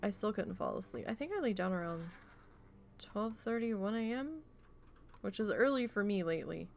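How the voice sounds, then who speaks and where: A woman streamer chatting casually while gaming, rambling and swearing freely as she tells an animated story. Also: mid-range voice, moderate pace, creaky, soft background music.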